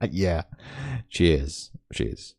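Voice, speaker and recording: This Hungarian-accented man has a very deep, darkish voice with vocal fry, and he speaks extremely slowly yet expressively. He's a day trading livestreamer chatting casually at home, laughing often as he takes viewer comments.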